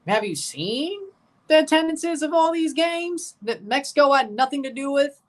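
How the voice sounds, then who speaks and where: A woman's voice: sits high, animated, normal speed, far from the mic. A woman hosting a live match watchalong, chatting casually and calling the plays in short bursts.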